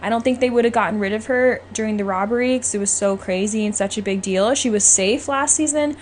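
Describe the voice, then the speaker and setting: A woman's voice: mid-range voice, brisk, a little hiss or hum. A young woman hosting her own podcast, chatting casually and full of opinions, often tagging "okay?" onto her points. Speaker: podcast host. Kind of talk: casual solo podcast chat.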